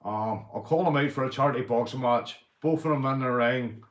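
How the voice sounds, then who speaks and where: A man's voice: mid-range voice, brisk. A Northern Irish man hosting a casual livestream, rambling and boisterous, a few beers in, calling everyone "mate". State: drinking beer. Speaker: livestream host. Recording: echoey room.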